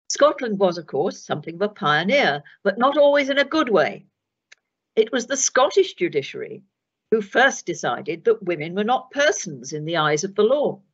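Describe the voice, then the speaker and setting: Older woman, lecturing, low-pitched, expressive, measured and wry. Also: husky. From England. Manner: measured, precise, with dry wit. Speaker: retired senior judge giving a lecture. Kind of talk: formal lecture. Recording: dull lo-fi recording.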